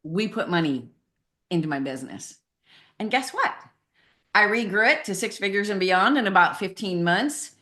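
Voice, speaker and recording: Candid middle-aged woman telling her story. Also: lowish voice. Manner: candid, animated storyteller who acts out voices in quotes. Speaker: podcast guest, marketing consultant. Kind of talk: casual interview chat.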